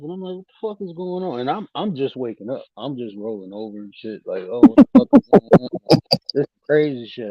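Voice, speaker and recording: A man telling a story in casual chat, animated and swearing, voice jumping up when he quotes people. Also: medium pitch, no echo, lo-fi sound.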